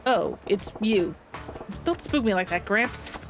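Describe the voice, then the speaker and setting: A woman's voice: mid-range voice, expressive, slow, music in the background, pitched below the performer's own voice. A woman voicing a brash, foul-mouthed male yakuza thug with coarse, swaggering street talk, reading game lines aloud.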